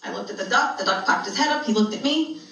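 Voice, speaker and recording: Heard through a distant mic in a very echoey room, a woman spiritual speaker shares a funny spiritual tale conversationally, often breaking into laughter. She has a mid-range, fairly bright voice with lively intonation and a quick pace.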